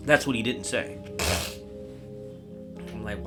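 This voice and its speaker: A man's voice: lowish voice, lively intonation, unhurried, long pauses, loud music behind the voice. A man telling a comedic scary story in a casual, rambling way with lots of swearing.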